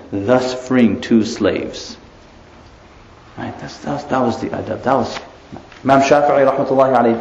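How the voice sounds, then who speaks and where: A man giving an Islamic lecture, animated, asking rhetorical questions and tossing in playful asides. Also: mid-range voice. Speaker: preacher. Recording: echoey muffled room recording.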